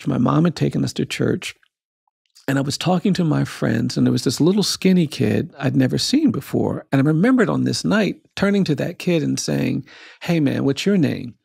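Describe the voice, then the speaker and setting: A man tells a personal story as a guest on a podcast, his voice rough and gravelly with a husky grain. He speaks in an earnest, measured way and lets repeated phrases pile up for emphasis. The sound is close and dry. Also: on the high side, animated, darkish tone, dry recording. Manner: measured, earnest, builds emphasis through repetition.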